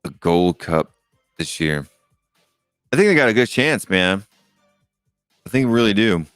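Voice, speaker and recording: Man, middle-aged, very low voice, smooth, dry sound, rambling live-stream chat. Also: sing-song, a bit bright, no echo, soft background music. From United States. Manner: rambling, halting, with many fillers and restarts. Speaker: live call-in show host.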